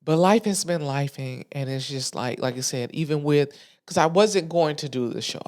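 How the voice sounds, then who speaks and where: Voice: mid-range voice, moderate pace, darkish tone. A podcast host sharing a heartfelt, unscripted monologue into a microphone. The talk is candid and emotional, colloquial, with frequent restarts and asides to listeners. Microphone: studio microphone.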